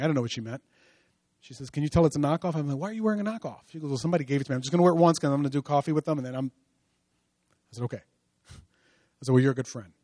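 A male pastor preaching a sermon, moving from hushed storytelling to loud, rising exhortation. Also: mid-range voice, no room sound.

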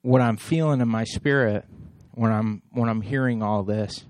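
Low-voiced man speaking at a church meeting. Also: steady tone, moderate pace, a little mellow, no echo, clean studio sound. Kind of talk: church exhortation.

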